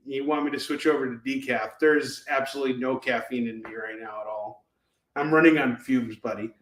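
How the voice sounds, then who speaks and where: Hosting a live comic-book sale from an echoey room, a man speaks in a mid-range, slightly bright voice. His sales patter is jokey and rambling as he puts prices on issues.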